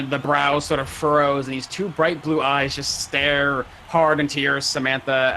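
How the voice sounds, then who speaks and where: A man's voice: fairly high pitch, pushed and bright, a little hiss or hum. A man running a tabletop game as game master, narrating vividly with spoken sound effects.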